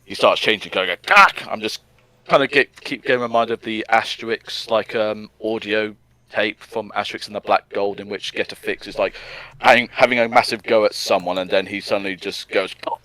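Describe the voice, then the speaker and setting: A man casually chatting on a podcast, rambling through his thoughts and often jumping into high mock voices. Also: steady tone, brisk, fairly bright tone, no echo. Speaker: podcast co-host. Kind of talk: casual chat.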